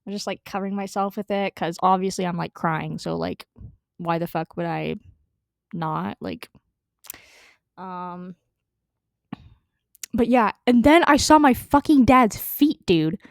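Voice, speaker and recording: A woman's voice: mid-range voice, unhurried, creaky, long pauses, no room sound, studio quality. Rambling, swearing young woman. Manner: rambling, profane, many fillers and restarts. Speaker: storytelling vlogger. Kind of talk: casual storytime.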